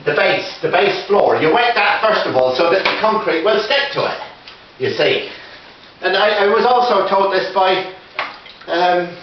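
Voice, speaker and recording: A man hosting a comic DIY video, rambling in a deadpan, mock-serious way. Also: high-pitched, measured pace. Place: indoors at a fireplace under repair. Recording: echoey, distant, muffled, noisy.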